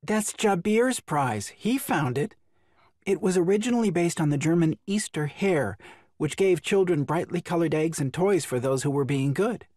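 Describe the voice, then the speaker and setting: A man voicing a young woman who gently teases and explains things in a lilting way. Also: on the high side, lively intonation, normal speed, dry recording, clean studio sound, voice pushed up. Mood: teasing.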